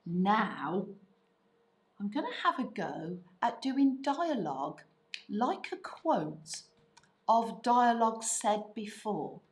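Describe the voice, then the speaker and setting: A woman's voice: mid-range voice, slow pace, reverberant. A middle-aged woman teaching a writing lesson, thinking aloud as she writes and acting out quoted phrases. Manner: lively, voices quoted parents' phrases.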